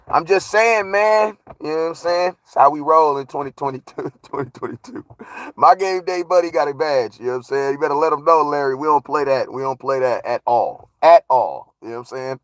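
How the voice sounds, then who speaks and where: A man hosting a casual live stream, giving viewer shout-outs in a slangy, hyped way that swings from low mutters to loud shouts. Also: no echo. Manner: slangy, repeats catchphrases. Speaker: livestream host.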